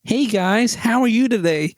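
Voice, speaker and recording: A man's voice: high voice, expressive, measured pace, dry recording, clean studio sound, pitched above the performer's own voice. A man putting on an eager, upbeat American accent to play a chatty stranger in a pub who keeps repeating himself. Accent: American, put on.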